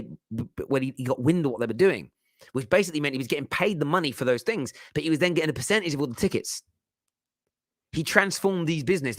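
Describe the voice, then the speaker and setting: A man's voice: medium pitch, fairly bright tone, no echo. A man hosts a casual chat show. His talk is loose and rambling, full of asides and easy laughs. The sound is close and dry. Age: 30s. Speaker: host.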